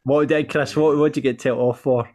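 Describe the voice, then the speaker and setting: A man co-hosting a football podcast in casual chat, enthusiastic and quick to laugh. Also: mid-range voice, steady tone, dark tone. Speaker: podcast co-host.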